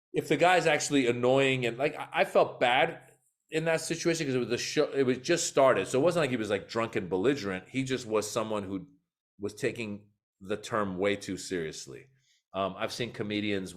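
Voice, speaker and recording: A man who is a comedian and guest on a podcast, telling animated stories that act out what people said. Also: medium pitch. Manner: animated, acts out quotes in story. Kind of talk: podcast interview storytelling.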